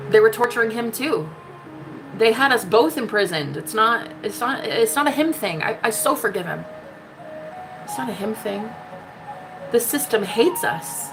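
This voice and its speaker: Animated and a little high-pitched, she talks at a normal speed but pauses often as she gives a passionate, sassy spiritual love reading laced with swearing and "honey." There's music behind her, and the audio is poor.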